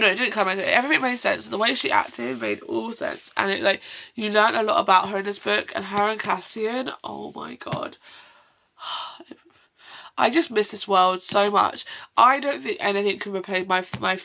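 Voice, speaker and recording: Gushing woman with a bright, gravelly voice. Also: mid-range voice, a little fast. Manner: rambling, effusive, self-interrupting with apologies. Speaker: book vlogger. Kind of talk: casual chatty book review.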